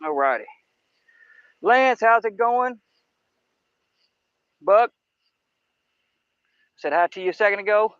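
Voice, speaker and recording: A man's voice: high-pitched, expressive, slow pace, pauses often, fairly bright tone, clear, resonant tone, no echo, muffled recording. A man hosting a fishing livestream on a riverbank at night, rambling in a folksy way to his viewers. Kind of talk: casual live-stream chat. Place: outdoors on a riverbank by woods at night. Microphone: camera-mounted microphone near water.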